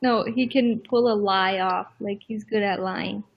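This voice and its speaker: A young woman chatting casually on a livestream with a friend, giggling and reading name definitions aloud in an animated way. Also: mid-range voice, measured pace, dull audio.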